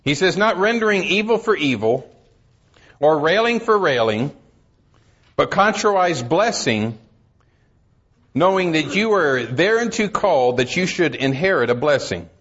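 A man preaches with a high voice that swings widely up and down, pressing his points hard. He reads scripture in a slow, solemn cadence and then drops low for emphasis. The recording sounds dull and lo-fi. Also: expressive, a bit bright. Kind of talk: sermon.

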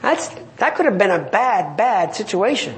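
Male preacher, very high voice, emphatic and questioning, echoey hall. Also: big pitch swings, normal speed, a bit bright. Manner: emphatic, rhetorical questions, chuckling asides. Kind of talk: sermon. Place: church or conference hall. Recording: echoey hall with faint ambience.

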